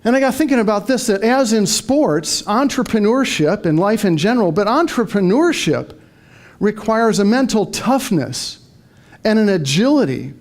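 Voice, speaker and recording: Man, middle-aged, high-pitched voice, motivational speaker, storytelling, acts out inner dialogue. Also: lively intonation, moderate pace. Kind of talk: motivational talk to a live audience.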